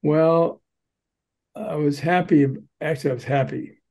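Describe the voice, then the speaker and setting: An older man, a former record promoter, telling animated anecdotes in a podcast interview and acting out the quotes. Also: on the high side, measured pace, vocal fry, low-quality recording.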